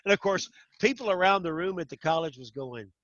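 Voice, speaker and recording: Middle-aged man, animated raconteur with a bright, lively voice; dull dry recording. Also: sits high, a little fast, no echo. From Arkansas. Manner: animated, acts out voices in anecdotes. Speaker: guest storyteller. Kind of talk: casual storytelling chat. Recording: dull lo-fi sound.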